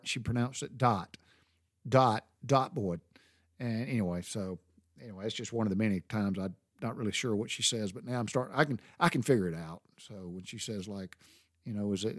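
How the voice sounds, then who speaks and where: A middle-aged Southern man with a drawl, rambling through homespun stories and cussing casually as he goes. His voice sits at an ordinary pitch, and the sound is dry and close, with no room echo. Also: fairly bright tone. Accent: Southern American. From American South. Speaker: podcast host. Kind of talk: folksy storytelling monologue.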